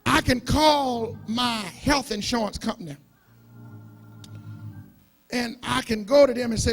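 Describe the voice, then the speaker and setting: A man preaching a sermon as pastor, shouting and chanting in call-and-response with his congregation. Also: very high voice, slow, long pauses, soft background music. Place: church sanctuary.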